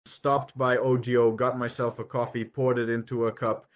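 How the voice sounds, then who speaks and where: A chatty Ukrainian man vlogs from his truck cab, rambling casually as he drives and treating his viewers like friends. His voice is medium-pitched and level, at a moderate pace.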